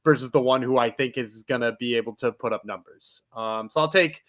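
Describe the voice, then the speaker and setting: Bright rambling male co-host. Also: medium pitch, fairly quick. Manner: rambling, hesitant, many fillers. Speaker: podcast co-host. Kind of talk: casual podcast chat.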